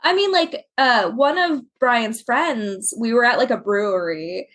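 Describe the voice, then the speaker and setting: A woman from Florida chatting on a podcast, laughing often as she tells stories with quick asides. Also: a little high, expressive, fairly bright tone. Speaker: podcast guest. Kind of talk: casual chat.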